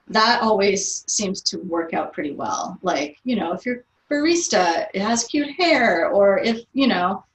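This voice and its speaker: A young adult woman chatting as an interview guest, laughing often and using lots of fillers. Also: mid-range voice. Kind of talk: casual interview chat. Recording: roomy, distant from the mic.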